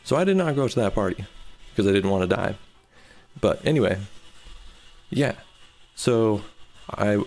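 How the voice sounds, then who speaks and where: Gravelly young man telling a story. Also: on the low side. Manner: excitable, quoting with "I'm like". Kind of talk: casual storytelling.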